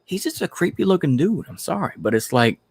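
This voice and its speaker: A man's voice: on the high side, very animated, fairly quick, slightly rough, dry recording. A man from the United States hosting a livestream in casual chat, rambling, repeating himself and trailing off into fillers. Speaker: livestream host.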